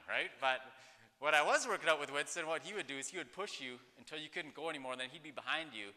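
Male pastor, casual devotional talk, bright and sharp, rambling and chatty, reverberant sound. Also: medium pitch, quick pace. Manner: conversational, rambling, with many fillers and acted-out quotes. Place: outdoors. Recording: echoey hall-like reverb.

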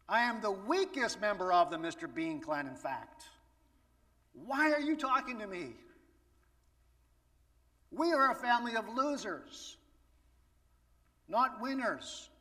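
Man playing a whiny self-doubting young guy, bright edge, complaining, echoey hall from far off. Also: high-pitched, heavily acted.

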